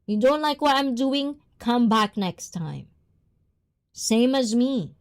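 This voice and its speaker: Speaking slowly in a somewhat high, animated voice, this non-native English-speaking woman runs a livestream. She talks bluntly in casual chat and reads out comments from viewers.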